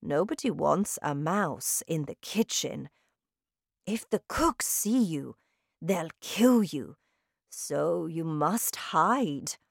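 A woman voicing a kind, protective elderly grandmother, speaking slowly and gently. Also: sits low, lively intonation, vocal fry, no room sound, clean studio sound, full character voice. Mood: gentle.

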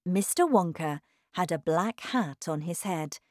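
A woman slowly reading a simple storybook and word list for language learners. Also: on the low side, lively intonation, dry recording, clean studio sound. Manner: careful, clearly paced reading. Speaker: narrator.

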